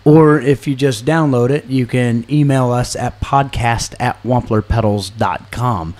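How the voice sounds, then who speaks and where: A man's voice: mid-range voice, measured pace, a little mellow. A man hosting a podcast in casual chat, rambling and joking with frequent laughter. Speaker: podcast host.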